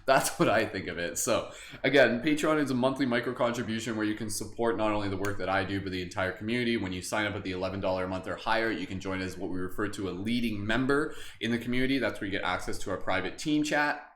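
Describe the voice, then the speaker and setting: On the low side and talking fast, this man's slightly bright voice comes with a little hiss or hum. He runs a live meditation stream on a webcam, walking viewers through breathing and chatting casually, with many fillers and frequent chuckles amid roomy echo and faint ambience.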